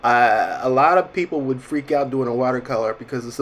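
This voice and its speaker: A man with a lilt talks through his watercolor painting in a relaxed tutorial voice-over. His voice sits at a middle pitch, and his manner is chatty and self-mocking, full of wry jokes. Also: brisk, hardly any pauses. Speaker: watercolor artist teaching.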